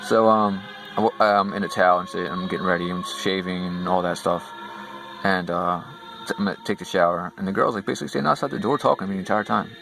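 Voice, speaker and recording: A man's voice: low-pitched, steady tone, fast, creaky, low-quality recording. A man casually retelling a dream, rambling with many fillers and speaking straight to his viewers. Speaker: storyteller. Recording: music playing behind.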